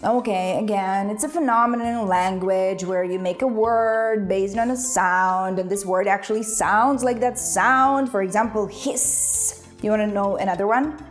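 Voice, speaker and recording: A young woman whose first language is Ukrainian, teaching English in a playful, chatty video lesson and laughing often. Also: mid-range voice. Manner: playful, laughs often, imitates animal sounds.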